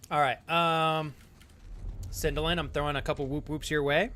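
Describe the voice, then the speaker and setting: A man's voice: a little high, steady tone, moderate pace, pushed and bright. A young man streaming a game, chatting casually with viewers and making crude jokes. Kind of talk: casual live-stream commentary.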